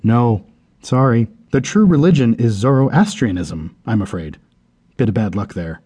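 A man's voice: medium pitch, expressive, unhurried, dark tone, husky, dry recording. A male audiobook narrator voicing a courteous, bureaucratic demon who works as a minor functionary in hell. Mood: apologetic. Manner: courteous, mildly apologetic, matter-of-fact. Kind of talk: audiobook character reading.

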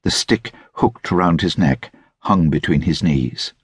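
A man narrating a literary audiobook in a measured, deliberate, wry manner, close to the mic. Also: sits low, animated, slightly rough, no room sound. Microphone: close studio mic.

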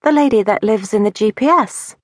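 A woman voicing a theatrical seven-year-old boy who mimics a GPS voice in a high falsetto with a put-on British lilt. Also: fairly quick, no room sound, clean studio sound, close to an everyday voice. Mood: theatrical mimicry.

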